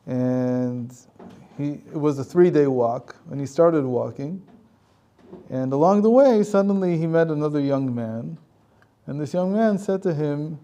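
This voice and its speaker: A man's voice: fairly high pitch, unhurried, warm tone. A man, a rabbi and teacher, telling a story in a conversational lecture with frequent chuckles.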